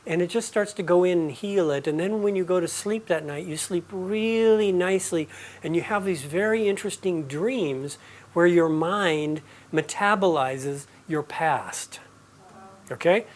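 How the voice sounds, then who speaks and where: A man teaching a live class, explaining and telling stories in a relaxed, conversational way. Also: a little high. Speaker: aromatherapy teacher.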